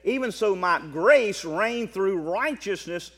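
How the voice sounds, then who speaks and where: A Southern American preacher delivers a sermon in a high voice, swinging between loud stretched-out proclamations and hushed rapid asides. His voice carries a long reverb, as though filling a large hall. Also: animated. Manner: impassioned, swings from loud drawn-out declarations to quiet fast asides.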